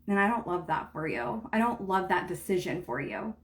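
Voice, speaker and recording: A woman's voice: on the low side, expressive, normal speed, few pauses. A woman giving a heartfelt motivational livestream talk as a spiritual coach. She speaks directly to her viewers and often says "like" and "right?". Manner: earnest, heartfelt, leans heavily on "like" and "right?".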